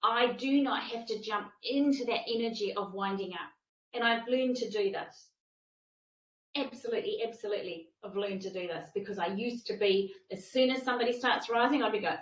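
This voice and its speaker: A woman's voice: medium pitch, fairly quick, roomy sound, far from the mic, dull audio. A woman coach teaching a masterclass, talking emphatically and repeating phrases for stress.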